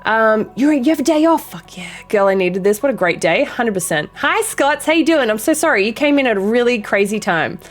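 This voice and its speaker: A woman hosting a live stream, chatting casually with her viewers, excitable and swearing freely as she greets them by name. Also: fairly high pitch, brisk, few pauses, faint music behind. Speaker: livestream host.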